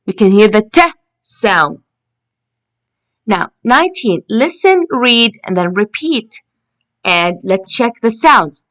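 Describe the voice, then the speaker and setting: A woman teaching an English phonics lesson, repeating each word slowly and stretching out its ending. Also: medium pitch, sing-song, a bit bright.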